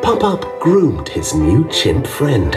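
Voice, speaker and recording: A man narrating a children's storybook in an expressive, measured way. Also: mid-range voice. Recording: distant, with background music.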